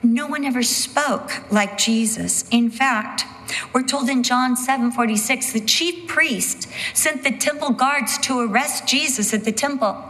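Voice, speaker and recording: Slow, emphatic woman preaching in a hall. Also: on the high side, fairly bright tone. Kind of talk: sermon.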